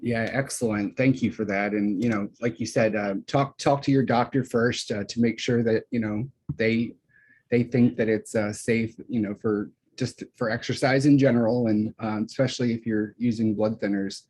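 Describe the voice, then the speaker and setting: A man hosting a webinar, reading out audience questions with a hesitant, halting manner. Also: lowish voice, steady tone, darkish tone, breathy edge. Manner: hesitant, many fillers and restarts. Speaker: webinar host. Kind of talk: moderating questions.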